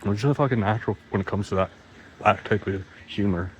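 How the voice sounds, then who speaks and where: This man talks fast in a lowish voice, telling rambling stories in a casual monologue with lots of "like," restarts, and free swearing. He laughs at his own jokes and his voice jumps up when he quotes himself. The recording is rough, with a bit of hiss or hum.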